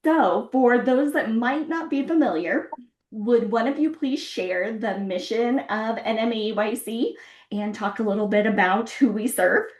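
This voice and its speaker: An upbeat woman co-hosting a podcast and welcoming her guests. Her voice sits somewhat high. A roomy echo surrounds her. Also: a little slow, a little mellow. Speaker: podcast co-host.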